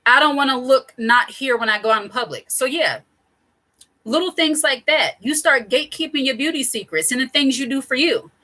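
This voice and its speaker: A woman's voice: high-pitched, moderate pace, sharp tone, poor audio. A middle-aged woman hosting her own channel, giving casual advice straight to camera in a chatty, digressive way with frequent laughs. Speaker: channel host.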